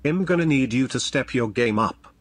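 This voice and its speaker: A man's voice: mid-range voice, expressive, moderate pace, slightly rough, dry recording. A man voicing Gigliardo, a mocking cartoon pal. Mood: scornful. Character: Gigliardo, a male pal and self-styled marketing director.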